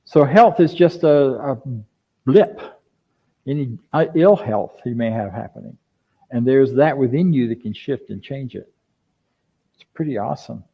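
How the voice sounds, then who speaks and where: An older man preaching a conversational sermon as a minister, lively and full of rhetorical questions to his congregation. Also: mid-range voice, a little slow, vocal fry, pauses often, breathy edge. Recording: dull lo-fi sound.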